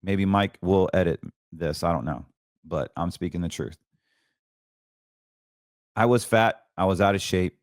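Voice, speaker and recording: In a casual podcast chat, a middle-aged man with a very deep voice offers an earnest, preachy personal testimony at a measured pace with long pauses. His voice sinks lower as he grows emotional, and it's captured close and dry without any room sound.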